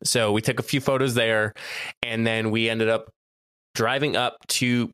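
A man chatting casually on a podcast, telling a story with lively acted-out quotes. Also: medium pitch, measured pace, clear, resonant tone, no room sound, studio quality. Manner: animated, acts out quoted voices. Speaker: podcast co-host, campus photographer.

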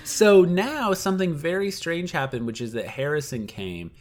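A woman co-hosting a podcast in casual chat, wry and quick to laugh. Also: sits low. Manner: animated, wry, laughs often. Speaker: podcast co-host.

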